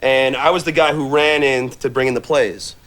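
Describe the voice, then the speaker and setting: A man's voice: mid-range voice, steady tone, normal speed. A man who stutters, repeating words, telling self-mocking stories and laughing often. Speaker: radio show regular. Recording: noisy recording.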